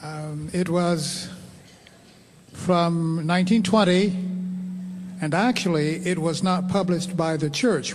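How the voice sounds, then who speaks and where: An older man answers a panel question in a measured, factual way. His voice is notably high for a man. The recording carries the long reverb of a large hall. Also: darkish tone, a little hiss or hum.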